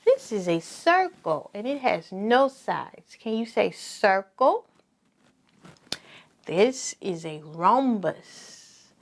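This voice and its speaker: A woman teaching preschoolers, saying each word slowly and repeating it for the children to echo, with lots of praise. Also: medium pitch. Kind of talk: slow sing-song preschool lesson.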